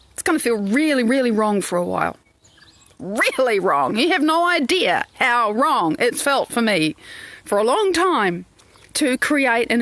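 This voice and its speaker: Lively high-voiced woman coach, dry sound. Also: no echo. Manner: expressive, acts out quoted inner voices, greets viewers. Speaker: life coach. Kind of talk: live-streamed coaching talk. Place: outdoors in the sun.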